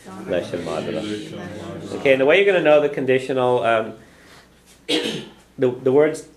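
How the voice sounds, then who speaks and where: A man's voice: medium pitch, very animated, normal speed. A man teaching a classroom language lesson. He explains patiently, models phrases for students to repeat, and often checks in with "okay?". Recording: echoey room with class chatter.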